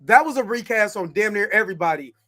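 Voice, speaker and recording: A man hosting a casual movie review chat, animated and laughing often as he acts out scenes. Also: sits high, quick pace. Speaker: host.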